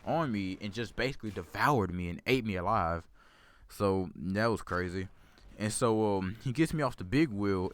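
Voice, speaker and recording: Rambling man with a lowish voice. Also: a bit bright. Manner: rambling, repeats words, self-corrects. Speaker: gaming channel host. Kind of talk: casual storytelling over gameplay commentary.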